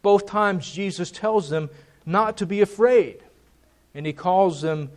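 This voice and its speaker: A man's voice: high voice, slow, a little mellow. A man preaching a sermon, emphatic and repeating key words for stress.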